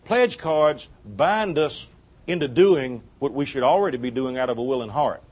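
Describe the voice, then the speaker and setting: A man telling a folksy church story in a sermon-style talk, animated and chuckling as he goes. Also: mid-range voice, normal speed, husky. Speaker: church speaker on giving.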